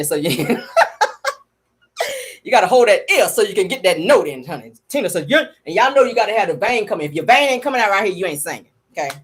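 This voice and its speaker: A woman's voice: mid-range voice, breathy edge. A woman hosting a casual comedic livestream, sassy and chatty, calling her viewers honey and y'all. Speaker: livestream host.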